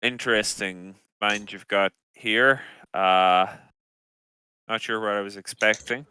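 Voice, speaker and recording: A man's voice: on the low side, fairly even intonation, takes it slowly, sharp tone, clear, resonant tone, no echo. A man playing a tabletop game, speaking hesitantly and searching for words in character. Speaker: player.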